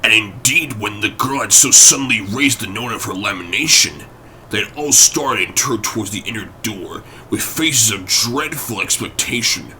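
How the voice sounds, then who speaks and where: A man narrating an audiobook in a dramatic, expressive reading. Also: fairly low pitch, moderate pace, a little hiss or hum, poor audio.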